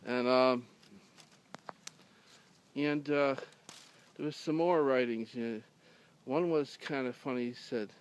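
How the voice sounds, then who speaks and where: A man's voice: medium pitch, slow pace, long pauses, clear, resonant tone, no room sound. A man telling a rambling humorous story in a dry, casual way, with many fillers and restarts. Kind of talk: casual deadpan anecdote telling.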